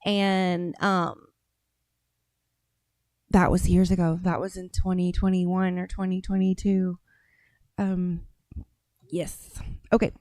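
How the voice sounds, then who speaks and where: A woman's voice: on the low side, level tone, slow, pauses often, a little mellow, no room sound. Chatty American woman streaming live. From United States. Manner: rambling, conversational, reads viewer comments aloud. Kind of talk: casual live stream chat, reading comments. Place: home studio.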